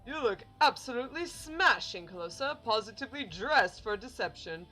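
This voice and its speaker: A woman's voice: fairly high pitch, lively intonation, bright, forceful tone, soft background music. Woman doing a suave, wry young man. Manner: dry, suave, measured.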